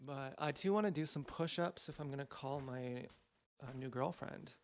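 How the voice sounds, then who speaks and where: A man's voice: medium pitch, moderate pace, a little hiss or hum. A man vlogging in a meandering, stream-of-consciousness monologue, full of fillers and casual swearing. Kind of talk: rambling personal monologue.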